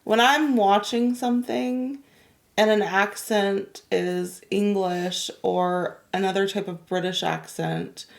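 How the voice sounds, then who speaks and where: A woman's voice: mid-range voice, fairly even intonation, slow, creaky. An American woman co-hosting a reaction video, chatting casually and thoughtfully with short agreeing remarks. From United States. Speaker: reaction channel co-host.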